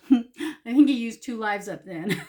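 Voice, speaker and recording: A woman's voice: on the high side, slow. Woman vlogger, chatty and salty, tells a story at her makeup desk at home, breaks into laughs. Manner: salty, laughing, animated voices for quotes. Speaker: beauty vlogger. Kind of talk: casual storytelling while doing makeup.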